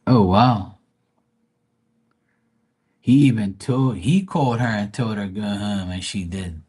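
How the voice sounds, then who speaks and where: Husky guy doing live tarot reads, blunt, swears a lot, restarts mid sentence. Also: lowish voice, slow, darkish tone. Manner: blunt, profane, emphatic with many restarts. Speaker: tarot reader. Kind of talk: live-stream tarot reading and storytelling.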